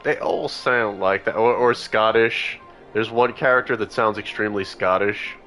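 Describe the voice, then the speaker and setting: A man's voice: on the low side, moderate pace, fairly bright tone, faint music behind. A tipsy man streaming a video game live, chatting casually and laughing often. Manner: giggly, laughs often and mimics lines.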